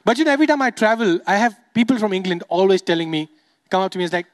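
A young adult man from Dubai works a stand-up crowd in a high, bright voice. He talks quickly and playfully, teasing audience members as he goes. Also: big pitch swings. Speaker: stand-up comedian. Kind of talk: stand-up comedy set.

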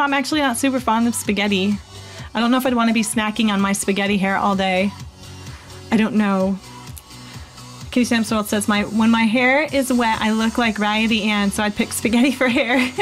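Bubbly woman live streaming, kinda high voice, rambly chat with lots of ums, faint music behind. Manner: chatty and bubbly, thinks aloud with many fillers. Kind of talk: casual chat on a live stream, reading viewer comments.

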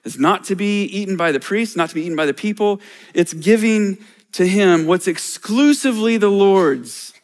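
A man's voice: high voice, normal speed. A middle-aged man, a church elder, preaching a sermon in a conversational way with self-deprecating humor.

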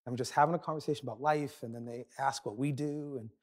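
A man preaching a sermon as a pastor, telling a personal story with animated, self-deprecating humor and quick asides. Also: medium pitch. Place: large church auditorium.

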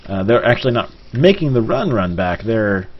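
A man with a Southern US accent giving relaxed, musing live commentary on a game tournament, often clearing his throat. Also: on the low side, moderate pace. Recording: lo-fi live stream with faint hiss.

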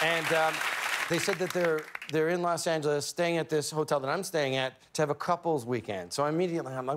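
A man from Canada tells a comic anecdote as a talk show guest, stumbling through restarts and poking fun at himself. His voice sits a little high. The studio recording has a clear layer of noise. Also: fairly bright tone, a faint crowd. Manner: self-deprecating, fumbling restarts, quick asides.

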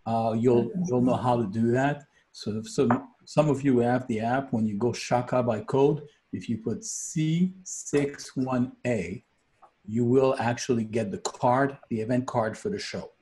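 A man guest on a video call, upbeat and excitable, chatting casually. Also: mid-range voice, a little slow. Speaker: guest, app developer.

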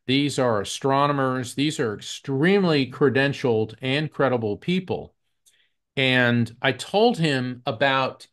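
A man's voice: mid-range voice, fairly bright tone. A man who works as a psychic medium, telling earnest anecdotes as a podcast guest. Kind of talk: podcast storytelling.

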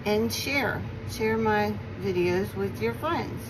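A woman's voice: medium pitch, takes it slowly, background noise. A woman, chatting to her viewers as she works on a resin craft project at her home table, talking casually and poking fun at herself. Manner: chatty, self-deprecating, talks to viewers while working. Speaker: resin craft video maker. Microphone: phone camera.

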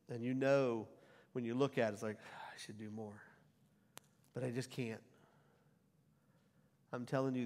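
A middle-aged male pastor preaching to a congregation, rising into loud scripture quotes and dropping back to conversational asides. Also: medium pitch. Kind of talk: sermon. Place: church sanctuary before a congregation. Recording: long hall reverb.

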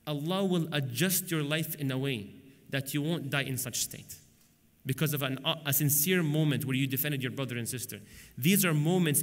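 A man preaching at a conference, telling lively stories and acting out the dialogues with humor. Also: medium pitch. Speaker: Islamic preacher. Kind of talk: conference lecture. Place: large conference hall. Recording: long hall reverb.

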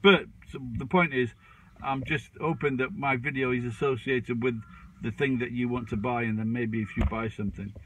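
A man's voice: medium pitch, fairly even intonation, moderate pace, a little hiss or hum, low-quality recording. A man in his fifties chatting casually to camera as a vlogger, rambling with restarts and poking fun at himself. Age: 50s. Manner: rambling, with frequent restarts and fillers.

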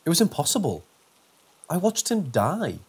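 A man narrating a first-person horror story in a steady, measured reading voice. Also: fairly high pitch, husky.

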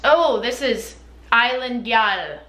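A young woman rambles candidly through her perfume collection, leaning on fillers as she goes. Her voice is bright and sits a little high. The room around her sounds echoey. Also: animated, slow pace. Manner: chatty, candid, lots of fillers. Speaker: beauty vlogger. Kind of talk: casual chat.

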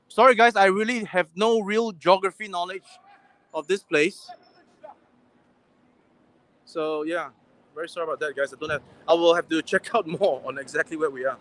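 Rambling Singaporean man, high voice. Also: normal speed, pauses often, fairly bright tone. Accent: Singaporean English. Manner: rambling, hesitant, many fillers and restarts. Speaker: livestream host. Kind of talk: casual walking livestream. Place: city street outdoors. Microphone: phone held on a livestream.

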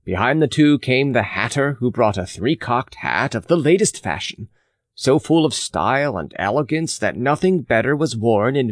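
A man narrating a classic novel in a measured, expressive audiobook reading. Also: mid-range voice, dry recording, clean studio sound.

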